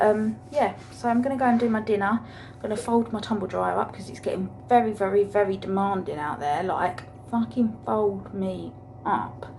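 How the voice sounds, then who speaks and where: A woman's voice: medium pitch, creaky, a little mellow, a little hiss or hum. A woman chatting casually in her home kitchen for a vlog, rambling and blunt with the odd swear word. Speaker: vlogger.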